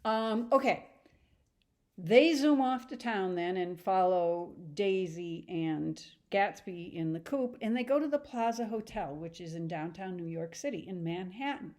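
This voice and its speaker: Chatty woman teacher, animated retelling. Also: lowish voice, a little slow. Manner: chatty and animated, acts out scenes. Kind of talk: casual lesson retelling a novel.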